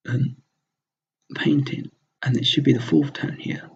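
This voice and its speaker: A man's voice: medium pitch, very animated, unhurried, long pauses, husky. A man teaching a recorded slide lesson, explaining step by step and repeating words to model their pronunciation. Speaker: language teacher. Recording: dull lo-fi sound.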